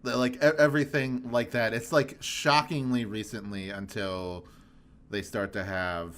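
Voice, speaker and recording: A man co-hosting a podcast, chatting casually in a relaxed, rambling way and laughing often. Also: fairly low pitch, unhurried. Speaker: podcast co-host. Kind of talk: casual chat.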